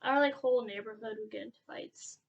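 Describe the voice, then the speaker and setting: A young woman co-hosting a casual vlog, chatting with quick, playful interjections. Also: on the high side, creaky, muffled recording. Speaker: co-host. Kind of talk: casual chat.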